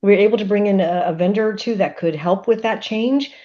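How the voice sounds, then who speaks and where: A woman presenting on a webinar panel, chatty and expressive, telling stories. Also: medium pitch, a little fast, highs cut off.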